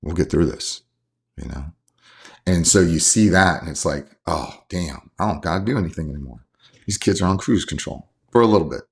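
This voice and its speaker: Casting: man, 40s, deep gravelly voice, earnest heartfelt coach-dad in a relaxed interview. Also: brisk. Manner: earnest, heartfelt, rambling with restarts. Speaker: coach and father, podcast guest. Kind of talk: casual interview conversation.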